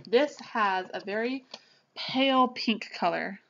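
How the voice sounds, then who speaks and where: A woman vlogger chatting casually through an unboxing, gushing and excitable, often apologizing as she shows things. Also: on the high side, slow pace, highs cut off.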